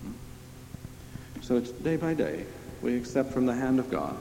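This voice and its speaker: A man's voice: mid-range voice, very animated, moderate pace, creaky, pauses often, mellow, slight background noise. A man preaching a sermon in a conversational, emphatic way, asking his listeners questions. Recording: echoey hall with long reverb.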